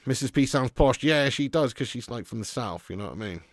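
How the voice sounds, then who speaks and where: A man's voice: medium pitch, lively intonation, fairly quick. A man hosting a live watch-along stream, bantering and greeting viewers by name. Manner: banter-filled, reads out chat names. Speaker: livestream host. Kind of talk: casual watch-along chat.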